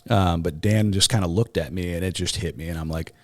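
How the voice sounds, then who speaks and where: A man with a fairly low voice tells his story as an interview guest, halting and raw, often restarting his sentences. When he quotes others, his voice jumps sharply upward. The sound is dry and close, with no room echo. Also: steady tone. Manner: voice jumps much higher when quoting others. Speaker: podcast guest, sports talk show host. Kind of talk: emotional personal testimony in an interview.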